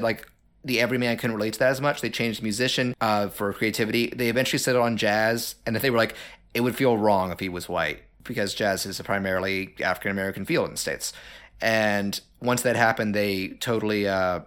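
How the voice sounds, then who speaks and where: A man's voice: medium pitch, fairly bright tone. A man co-hosting a casual podcast about movies. He talks in loose, rambling sentences full of "like" and "uh", circling back to restart his points. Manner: chatty, many fillers and restarts. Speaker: podcast co-host. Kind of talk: casual film discussion.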